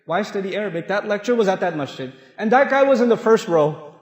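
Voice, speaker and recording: Speaking fast in a high voice, a Pakistani preacher tells humorous stories in a large mosque hall, animatedly acting out the voices of the people in them. The hall is echoey and the recording has its highs cut off.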